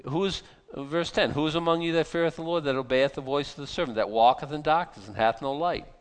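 A man's voice: fairly high pitch, fairly quick, smooth. Man preaching in a long reverberant hall. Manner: conversational, animated, with frequent restarts and asides. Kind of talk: expository Bible sermon.

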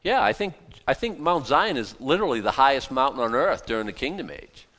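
A man preaching a sermon, reading scripture aloud and explaining it in a lively, conversational, folksy way. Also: medium pitch, brisk. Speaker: pastor.

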